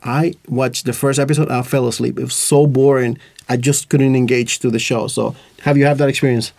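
A man's voice: medium pitch, fairly even intonation, a little fast, creaky, a little mellow. A man co-hosting a podcast in a studio, chatting casually, hesitant and often laughing. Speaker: podcast co-host. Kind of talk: casual chat. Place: recording studio.

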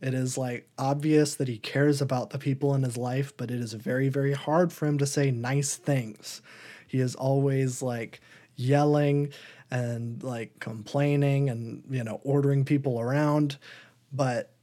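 Guy on a podcast, mellow voice, rambly and excited, just chatting. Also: mid-range voice, a little slow. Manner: rambling and enthusiastic, talks in long loose run-ons. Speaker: podcast co-host. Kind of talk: casual chat reviewing TV shows.

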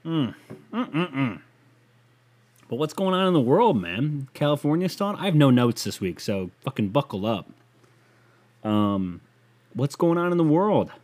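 A man's voice: on the high side, sing-song, a little slow, pauses often, darkish tone. A man hosting a casual solo podcast, rambling, profane and mocking as he rants. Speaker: podcast host.

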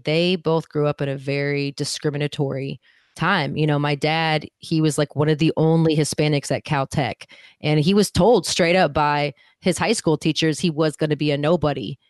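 Very low-voiced woman, direct and candid. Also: no echo. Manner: direct and candid, telling stories with laughter. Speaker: podcast guest. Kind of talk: casual podcast conversation.

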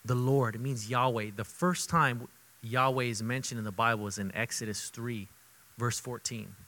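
A man preaching a sermon as pastor, conversational and repetitive for emphasis, moving between loud emphatic bursts and quiet intimate asides. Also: mid-range voice, steady tone, normal speed, rough recording. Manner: conversational, repeats himself for emphasis.

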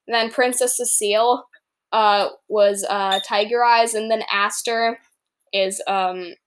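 A woman's voice: medium pitch, fairly even intonation, takes it slowly, clear, resonant tone. A woman reading her own story aloud, laughing and stopping to comment along the way. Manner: laughs often, stops to comment. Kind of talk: casual reading with chatty asides.

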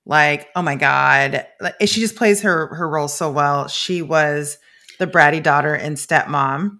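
A woman co-hosting a podcast, chatting casually about a film with slow, drawn-out remarks. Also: low-pitched, pushed and bright. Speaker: podcast co-host. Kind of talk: casual movie chat.

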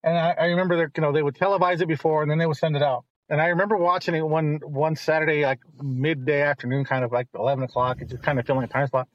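Middle-aged man, rambling casual storyteller, high-ish voice, dry dull lo-fi sound. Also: rapid-fire, few pauses, no echo. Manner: rambling, animated when quoting others. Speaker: guest, host's father.

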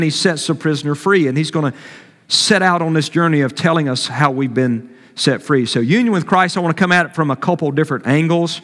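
A man with a high voice preaches from the pulpit, hammering key phrases and repeating them. His voice rings out in a church hall with a long reverb tail. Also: a bit bright. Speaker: pastor. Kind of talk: sermon.

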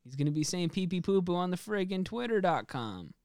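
A man's voice: high voice, big pitch swings, a little fast, darkish tone, smooth, no room sound, studio quality. A young man co-hosting a podcast, chatting casually and joking, swearing freely with lots of fillers. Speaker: podcast co-host. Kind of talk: casual chat.

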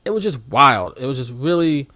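A man co-hosting a casual wrestling chat, animated, laughing often and shouting out imitations of commentators. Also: medium pitch, moderate pace, dry recording, clean studio sound. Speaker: podcast co-host.

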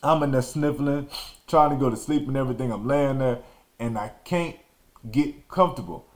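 A man hosting a podcast, telling a childhood story in a casual, animated way and acting out quotes and sound effects. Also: mid-range voice, normal speed. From Texas.

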